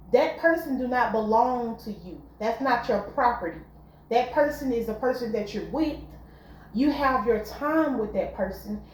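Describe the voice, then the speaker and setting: A woman's voice: fairly high pitch, a little mellow, roomy sound, a little hiss or hum, low-quality recording. A woman giving relationship advice in a casual, earnest monologue, repeating her points. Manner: earnest, repetitive, conversational.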